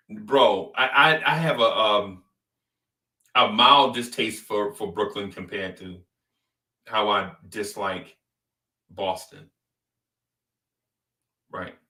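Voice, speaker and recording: Animated trash-talking New man. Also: medium pitch, roomy sound, recorded from a distance. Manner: animated, trash-talking, repeats phrases for emphasis. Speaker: sports podcast host. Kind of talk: casual sports talk rant.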